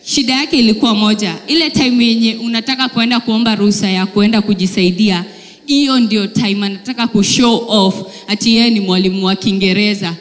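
A woman doing stand-up comedy in an animated, teasing way, mixing in English phrases. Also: mid-range voice, fairly quick, long reverb tail.

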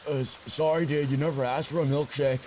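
Guy doing a spaced-out pizza boy, dude every other word, rain hissing softly behind. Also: on the high side, fairly even intonation, quick pace, close to an everyday voice, rough recording. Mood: clueless. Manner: vague, filler-heavy, keeps saying dude. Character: dim laid-back young male pizza delivery guy.

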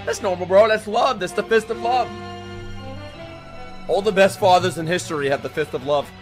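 A man doing excited reaction commentary on an anime, swearing, laughing and shouting exclamations. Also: sits high, normal speed. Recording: music playing behind voice. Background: anime audio and music.

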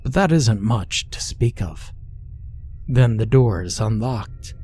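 Low, mellow male horror narrator. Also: slightly rough, soft background music. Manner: steady, measured storytelling. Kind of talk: scripted horror story narration.

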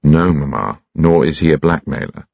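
A man's voice: rumbling low, moderate pace, gravelly, a little mellow, dry recording, full character voice. A man reading an audiobook, voicing a dry, laconic detective teasing his mother. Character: dry, teasing detective son, middle-aged. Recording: dry, slightly dull lo-fi.

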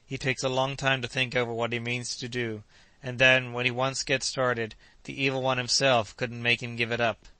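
A cheerful, devoted young manservant, read by a man with a bright, smooth tone. He speaks with eager conviction, close and dry with no room around him. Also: medium pitch, level tone, moderate pace, no echo, natural voice.

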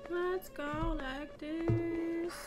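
A woman's voice: very high voice, level tone, extremely slow. A woman playing a horror game and commenting, nervous and jumpy, laughing and squealing repeated panicked no's over the game music. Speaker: let's play gamer.

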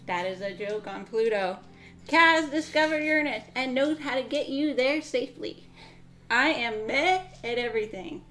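A woman playing a clawed alien from Pluto who talks about itself in the third person, joking deadpan. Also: fairly high pitch. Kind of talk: character introduction in a board game.

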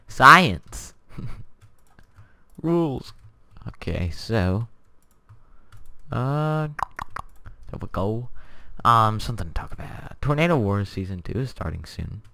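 A young man hosting a casual let's-play, chatty and excitable, with lots of fillers and little laughs to himself, keyboard clicks behind. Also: medium pitch, takes it slowly, vocal fry, pauses often, clean tone, dry recording. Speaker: gameplay channel host. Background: keyboard typing and clicking.

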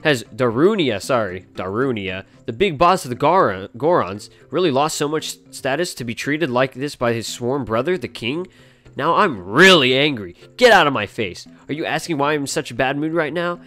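A man reading out the lines of a gruff, moody male rock-eating chief from a video game, in a raised voice. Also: mid-range voice, lively intonation, normal speed, fairly bright tone, lightly acted. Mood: angry. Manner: reads game text aloud in a raised voice.

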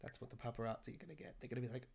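A woman's voice: rumbling low, racing, vocal fry, a little mellow, slight background noise. A woman giving casual, wry let's-play commentary, chatting to the game characters as she plays. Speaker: gameplay commentator.

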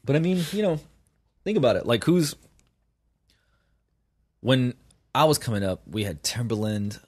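A man's voice: medium pitch, very animated, moderate pace, a little mellow, breathy edge, no echo. A man guesting on a podcast, riffing casually and animatedly with opinions, full of restarts and asides.

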